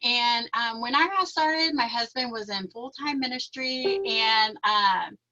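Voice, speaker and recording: A woman's voice: fairly high pitch, sharp tone. A young woman giving an emotional personal testimony, nervous and shaky, with many fillers and restarts. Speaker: presenter sharing her business story. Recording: dull lo-fi audio.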